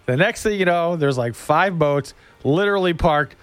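A male host rambles through crude, joking stories in a loose, casual monologue. His voice sits a bit high and swoops up and down a lot as he tells them. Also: expressive, moderate pace. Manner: loose storytelling, crude humor. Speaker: radio host.

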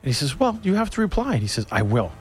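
A man's voice: fairly high pitch, fast, faint music behind. A man on the radio, telling a rambling funny story in a casual chat style, joking and laughing as he goes. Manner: animated, laughing, jokey storyteller.

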